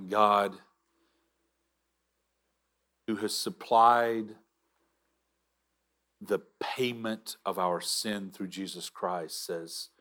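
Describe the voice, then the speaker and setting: Slow, low-voiced pastor preaching. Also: male voice, steady tone, bright, forceful tone. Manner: earnest, halting restarts, drops to near-whisper for emphasis. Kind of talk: sermon.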